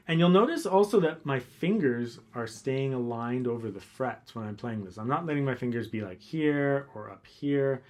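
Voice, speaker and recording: A man teaching a guitar lesson, explaining calmly and counting beats aloud as he demonstrates. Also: mid-range voice, normal speed, hardly any pauses, highs cut off. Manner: relaxed, counts beats aloud while playing. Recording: faint guitar playing behind.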